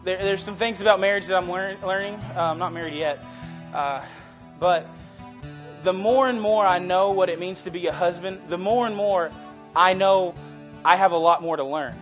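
A young man with a high, light voice preaches in a relaxed, chatty way and builds to heartfelt, passionate emphasis. The sound is dull and lo-fi, with faint music underneath. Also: normal speed. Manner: casual and earnest, swelling to passionate. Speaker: youth preacher. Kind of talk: sermon.

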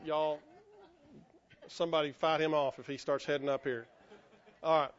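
A male pastor preaching a sermon in an animated, folksy way, acting out the voices he quotes and getting over an illness that makes him cough. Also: a little high, moderate pace, muffled recording.

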